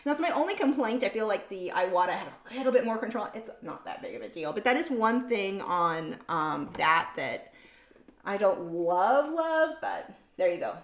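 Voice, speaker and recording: A woman's voice: mid-range voice, sing-song, moderate pace. A woman hosting a casual painting livestream, chatting in a rambling way and correcting herself mid-sentence. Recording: roomy room sound.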